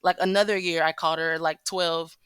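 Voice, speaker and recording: A woman's voice: fairly low pitch, steady tone, fairly quick, a bit bright, smooth, no echo. A woman giving casual relationship advice, telling a story in a chatty way straight to her viewers. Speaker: commentator.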